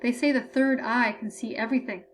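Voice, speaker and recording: A small, teasing male companion, voiced by a woman reading the story. The voice is high and read in a plain, everyday tone. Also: steady tone, a little fast, a little hiss or hum, natural voice. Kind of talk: audiobook character voice.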